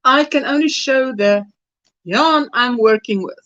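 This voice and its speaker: A South African woman hosting a casual crochet livestream, warmly greeting viewers by name. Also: high voice, measured pace, dry recording, lo-fi sound.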